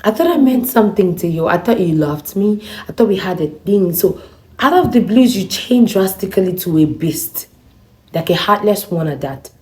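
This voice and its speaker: A woman's voice: medium pitch, lively intonation, normal speed, darkish tone. A young woman vlogger telling a personal story to her viewers, acting out both sides of a quarrel. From Nigeria. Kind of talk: storytelling to camera.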